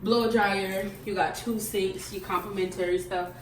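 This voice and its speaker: A woman's voice: medium pitch, fairly even intonation, measured pace. A young woman vlogging on her phone at an airport and in a hotel room, chatty and playful, talking to "guys" and "y'all". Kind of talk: casual vlog to camera. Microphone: phone camera. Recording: noisy phone recording.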